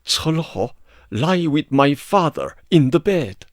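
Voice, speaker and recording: A bold, quick-witted young woman, as a male narrator puts her on, raising his voice higher and softer to play her. Her speech stays polite and composed, and the reading is dry and close. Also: sing-song, dry recording, heavily acted. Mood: calm. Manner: feigning sleepy politeness.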